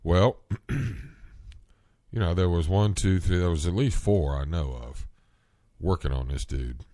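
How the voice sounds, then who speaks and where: Male podcast host, deep voice, dry close mic, slow earnest monologue. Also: mellow, dry recording. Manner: slow, rambling, earnest, rising in pitch when worked up. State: coughing, clearing throat. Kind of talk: solo commentary podcast.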